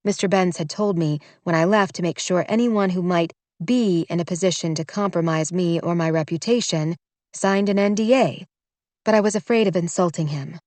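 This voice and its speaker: A woman's voice: fairly low pitch, normal speed, a little mellow, no room sound, natural voice. A woman voicing a composed young princess who speaks in a formal, decisive way. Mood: earnest. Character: poised, proper young princess, gently decisive. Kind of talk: audiobook character voice.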